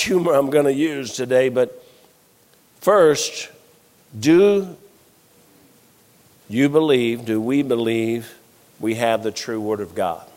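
A middle-aged man preaching a sermon, telling funny family stories with animated delivery and acting out the voices of the people he quotes. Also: medium pitch. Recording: long reverb of a large hall.

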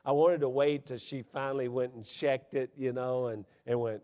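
A man preaching a sermon, animated and folksy, swinging between loud emphatic peaks and quiet asides, with chuckles and storytelling. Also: mid-range voice, normal speed, few pauses. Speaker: pastor. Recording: long hall reverb.

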